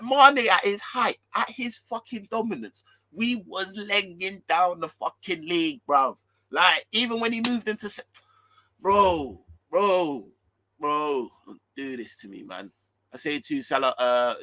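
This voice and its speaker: A man's voice: on the high side, vocal fry, no echo. A man, ranting heatedly about football as a fan channel host, swearing and repeating himself. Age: 30s. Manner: animated, swearing, repetitive, ranting.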